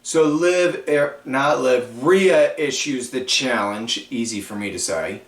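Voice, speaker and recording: A man hosting a wrestling podcast, recapping shows in a rambling, casual way full of fillers. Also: medium pitch. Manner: slow, drawn-out, rambling delivery with frequent fillers. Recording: echoey room, far from the mic.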